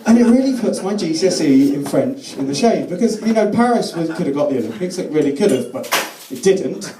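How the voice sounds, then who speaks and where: A man's voice: on the high side, sing-song, a little fast. A man doing a live stand-up routine, chatty and sardonic, slipping into mock voices. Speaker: stand-up comedian. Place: comedy night at a London venue. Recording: echoey venue, distant mic, audience noise.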